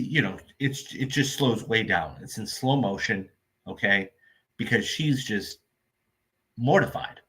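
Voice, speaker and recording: A man's voice: medium pitch, sharp tone. A man hosting a film review show, retelling movie scenes in a rambling, casual recap full of "okay?" check-ins.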